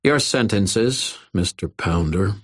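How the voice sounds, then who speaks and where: A man voicing an old-school male dark elf coach who speaks in a slow, measured, menacing way, in an audiobook. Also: fairly low pitch, expressive, breathy edge, no echo, studio quality, full character voice. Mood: cold menace.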